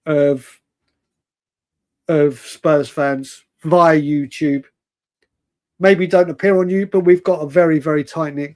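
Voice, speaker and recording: Casual male stream host, fairly high pitched, chatty and rambling. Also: darkish tone. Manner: chatty, rambling, laughs often, calls viewers mate and brother. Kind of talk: casual live-stream fan chat.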